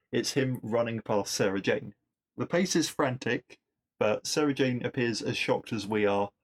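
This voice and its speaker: A man hosting a podcast, recapping a TV episode in a chatty, enthusiastic solo talk with quick asides. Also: lowish voice.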